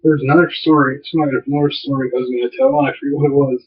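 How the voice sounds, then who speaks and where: A man chatting on a podcast, winding through a story with plenty of "uh"s and false starts. His voice sits at an ordinary pitch and sounds set back from the microphone. The recording is muffled and lo-fi. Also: level tone, rapid-fire. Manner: rambling storyteller, many fillers and restarts. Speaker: podcast co-host. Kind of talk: casual chat. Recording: distant, dull lo-fi mic.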